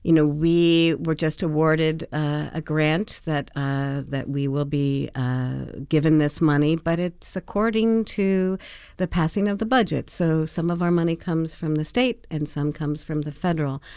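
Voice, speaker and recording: A woman, executive director of a language school, answering questions in a radio interview, speaking warmly with many fillers and pauses. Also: low voice, fairly even intonation, smooth, no echo, studio quality. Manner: warm, hesitant with many fillers.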